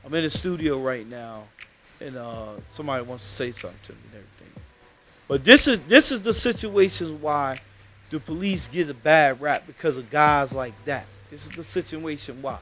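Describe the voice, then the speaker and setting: A man's voice: a little high, moderate pace, a bit bright, soft background music. A man, telling a heated story on a live podcast from a studio and swearing often.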